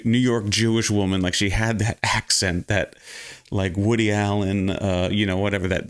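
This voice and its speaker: Animated man telling a story. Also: on the low side. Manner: animated, acts out quoted people in raised voice; frequent restarts and fillers. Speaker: vlogger. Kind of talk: casual storytelling.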